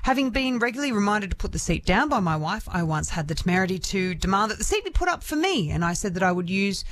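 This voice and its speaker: A woman with an Australian accent hosting a radio show, chatty, self-deprecating and quick to laugh. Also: mid-range voice, big pitch swings, a bit bright. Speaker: radio host. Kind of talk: casual radio chat.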